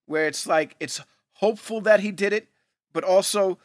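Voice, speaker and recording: A man's voice: high voice, moderate pace, dry recording, clean studio sound. A man co-hosting a podcast in laid-back casual chat, often calling people "man". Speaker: podcast co-host.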